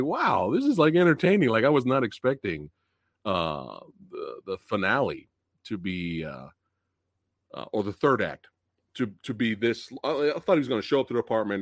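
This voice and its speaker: A man with a mid-range voice hosts a live movie review stream, recorded dry at studio quality. He's excitable and laughs often, chatting loosely in casual slang while greeting viewers and reading their chat messages aloud.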